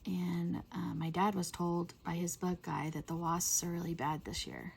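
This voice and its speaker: A middle-aged woman hosting a coloring video, chatting in a rambling way and often dropping to a soft whisper. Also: fairly low pitch, flat delivery, moderate pace, creaky, a little hiss or hum. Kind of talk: casual chat while coloring.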